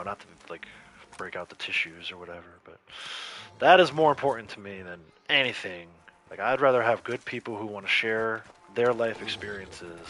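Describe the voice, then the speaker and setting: A man hosting a casual gaming livestream, rambling and laid-back as he chats with viewers, his throat a bit scratchy from coughing. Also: on the low side. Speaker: livestream host.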